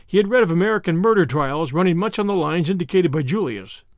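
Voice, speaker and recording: A man narrating a novel in measured storytelling. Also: high voice, expressive, no echo, clean studio sound. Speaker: audiobook narrator. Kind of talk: scripted narration.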